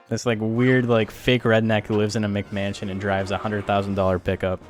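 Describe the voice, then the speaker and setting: Rambling crude man streaming, lowish voice. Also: little pitch movement, moderate pace, few pauses, faint music behind. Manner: rambling, crude, lots of fillers and restarts. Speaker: streamer and tournament host. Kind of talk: casual livestream commentary.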